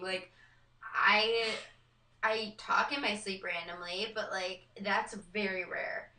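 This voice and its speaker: Chatty young woman, bright and echoey. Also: mid-range voice, fairly even intonation, normal speed, far from the mic. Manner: chatty storyteller with lots of likes and ums. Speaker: guest. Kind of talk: casual podcast chat.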